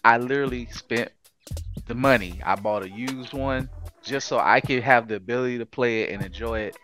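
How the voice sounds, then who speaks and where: A man co-hosting a casual podcast chat, animated and slangy. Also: mid-range voice, normal speed, soft background music. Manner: animated, slangy, does playful voices. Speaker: podcast co-host.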